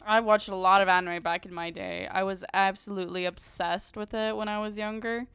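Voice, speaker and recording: A woman's voice: mid-range voice, fairly even intonation, brisk, fairly bright tone, clean tone, dry recording, faint music behind. A woman streamer chatting casually and reading chat aloud, giggling often and using lots of fillers. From Ukraine.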